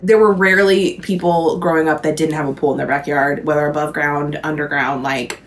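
A woman's voice: deep voice, fairly even intonation, brisk. A woman in her twenties from Houston, co-hosting a podcast in casual chat, rambling with lots of "like" and frequent swearing. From Houston, Texas. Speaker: podcast co-host.

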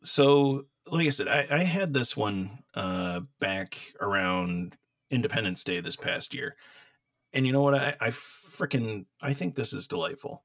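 Man, gravelly, sharp bright tone, rambling podcast co-host, coughing a bit, dry close recording. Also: mid-range voice, expressive, unhurried, no echo. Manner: rambling, laughs often, frequent fillers. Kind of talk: casual chat about beer. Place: home room.

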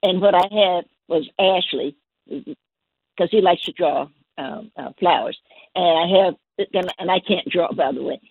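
Woman guest, husky voice, halting storytelling, tinny dry phone line. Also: lowish voice, dry recording. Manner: halting, repeats words while telling a gentle story. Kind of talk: storytelling on a call-in show.

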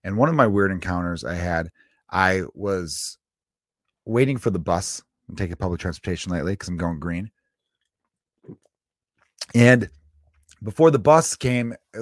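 A man's voice: fairly low pitch, no echo, clean studio sound. A man in his thirties hosting a podcast, telling a rambling story in a profane, self-mocking, casual way. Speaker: podcast host. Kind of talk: casual comedic monologue.

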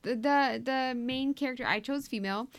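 A woman from the United States chats loosely on a gaming podcast. She keeps tripping over fillers and restarts, and her voice sits a little on the high side. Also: normal speed. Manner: chatty, many fillers and restarts. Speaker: podcast guest. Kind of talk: casual chat.

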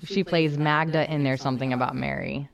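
Low-voiced woman on a podcast. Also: a little fast, vocal fry, highs cut off, a crowd in the background. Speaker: podcast co-host. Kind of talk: casual chat.

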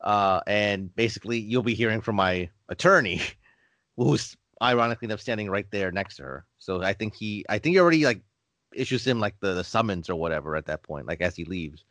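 A man's voice: on the low side, animated, fairly quick, a bit bright, no echo. A man co-hosting a podcast in casual film discussion, hesitant and full of fillers as he recalls the plot. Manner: hesitant, lots of fillers like "like" and "you know". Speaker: podcast co-host.

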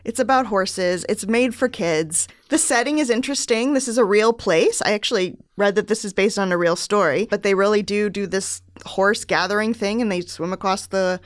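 A woman's voice: mid-range voice, normal speed, hardly any pauses, dry recording, studio quality. A woman in her thirties co-hosting a book podcast, chatting casually with wry asides and laughs. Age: 30s. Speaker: podcast co-host reviewing a book. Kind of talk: casual chat.

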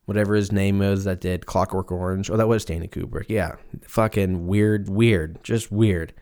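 A man's voice: low voice, fairly even intonation, moderate pace, mellow. An American man in his thirties with a slight lisp, hosting a podcast in casual, profane, joking chat and stumbling over words. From United States. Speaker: podcast host.

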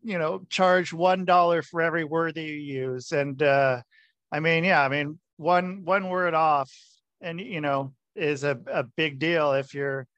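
A podcast host, a man with a high, smooth, clear voice. He asks questions in a halting, loose way and recorded in a dry, close sound. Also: fairly even intonation, a bit bright, no echo, lo-fi sound. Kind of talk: casual interview chat.

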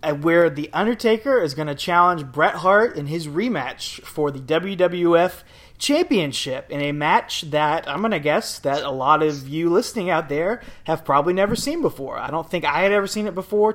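A man's voice: sits high, moderate pace, a bit bright. A man co-hosting a podcast, talking in a casual, upbeat, chatty way with a few fillers. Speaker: podcast co-host.

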